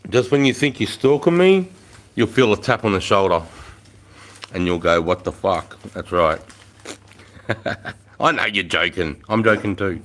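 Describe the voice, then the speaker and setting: Very deep-voiced laid-back Australian man. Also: lively intonation, measured pace, long pauses, a bit bright. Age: 40s. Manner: laid-back, swears freely, chuckles often. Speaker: livestream host. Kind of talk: casual livestream chat. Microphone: phone.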